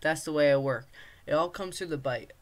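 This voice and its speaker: A friendly male rattlesnake speaks in a calm, explaining tone, as a man reading a story puts him on. His voice sits slightly high for a man. He sounds patient and matter-of-fact. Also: brisk, natural voice. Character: friendly talking male rattlesnake granting wishes.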